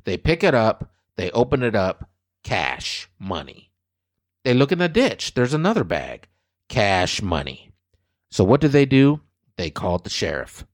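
Male host, forties, lively low voice, dry close sound, exclaims and jokes to viewers. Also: a little slow, no room sound. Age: 40s. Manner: animated, exclaiming, addressing viewers as guys. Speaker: show host. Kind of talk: casual news-story banter.

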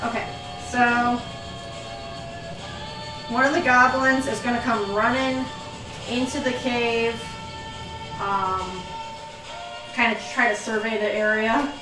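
Woman game master, casual rambling narration, slightly high voice, distant mic, roomy echo, music bed. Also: steady tone, slow pace, long pauses. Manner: casual, loose narration with frequent ums. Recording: echoey room, off-mic, music behind.

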